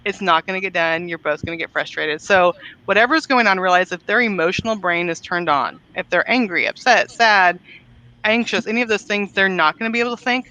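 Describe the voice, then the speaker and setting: A woman's voice: medium pitch, a little fast, bright, forceful tone, poor audio. A middle-aged woman, a guest author, explaining parenting tips in an earnest conversational way and laughing easily. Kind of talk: conversational interview.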